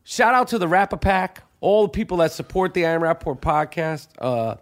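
Ny podcast host guy, high voice, rambly, keeps stammering and restarting, swears a lot. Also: lively intonation, moderate pace. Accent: New York. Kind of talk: casual podcast chat.

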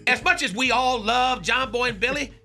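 A man's voice: extremely high pitch, normal speed, sharp tone, exaggerated voice. A man playing a crude, boastful radio character who invents long words and laughs through his lines on a morning comedy show, with music underneath.

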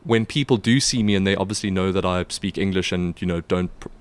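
A man's voice: sits low, fast talker, clean tone. A man reporting on sports, chatting casually with colleagues, with lots of fillers and restarts. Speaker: sports reporter co-hosting a podcast. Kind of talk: casual chat.

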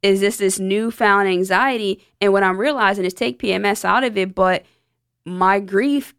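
A woman's voice: mid-range voice, normal speed, a bit bright, smooth, no echo, clean studio sound. Candid woman hosting a podcast. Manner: candid, joking, talks through her feelings. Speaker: podcast host. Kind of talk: casual podcast chat. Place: studio.

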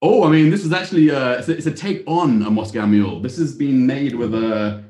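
A man's voice: mid-range voice, a little fast, a little mellow, roomy sound. A man calling in over video from his home in London, chatting casually, laughing easily and often repeating his words. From England. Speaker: caller. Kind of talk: casual chat. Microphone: headphones on video call.

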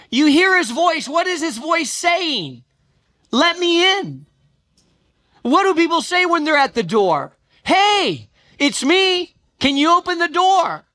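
A preacher delivering a sermon emphatically, asking the listeners questions and slowing down for scripture. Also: high-pitched, bright, forceful tone. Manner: emphatic, asks questions of the congregation; slows right down for quoted scripture.

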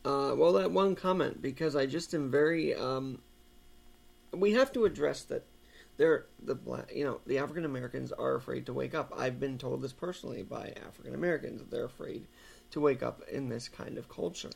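A man's voice: mid-range voice, brisk, creaky, husky. A man co-hosting a talk show, making earnest, opinionated points in casual political chat. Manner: earnest, opinionated, building an argument.

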